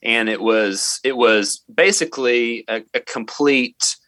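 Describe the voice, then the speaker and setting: Earnest bright-voiced man telling a story. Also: medium pitch, dry recording. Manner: earnest, halting, many restarts and fillers. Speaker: middle school math teacher, interview guest. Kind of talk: storytelling in a podcast interview.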